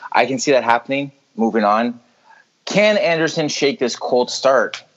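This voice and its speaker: Casual man talking hockey. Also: mid-range voice. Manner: animated, swearing, quick storytelling. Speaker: podcast co-host. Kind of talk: casual sports chat. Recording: dull lo-fi audio.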